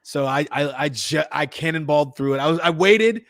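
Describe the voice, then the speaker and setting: Man, excitable rambling co-host, high voice, dry close mic, swears a lot. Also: a little fast, no echo. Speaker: podcast co-host. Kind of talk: casual live-stream chat.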